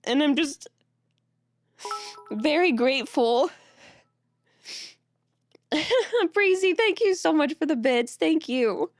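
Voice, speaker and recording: A young woman streamer chatting casually with her viewers, teary and close to crying, talking softly with nervous laughs. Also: high-pitched, animated, slow, pauses often, dry recording. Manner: soft, thankful, breaking into nervous laughs. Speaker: streamer reading chat. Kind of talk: casual live-stream chat.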